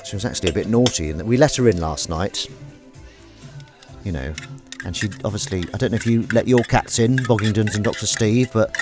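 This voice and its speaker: A man's voice: on the low side, a little fast, music in the background. A man live-streaming, chatting casually and rambling to himself and his viewers with self-mocking asides.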